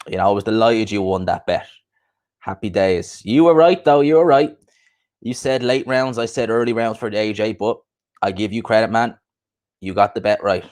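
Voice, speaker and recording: A young man hosting a casual boxing livestream, chatting loosely and giving repeated shout-outs to viewers. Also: on the low side. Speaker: boxing podcast host.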